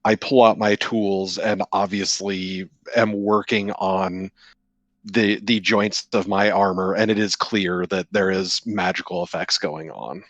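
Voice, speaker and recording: Slow, low-voiced male player. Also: fairly even intonation, no room sound, highs cut off. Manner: slow, measured and polite. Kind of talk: tabletop role-play, in and out of character.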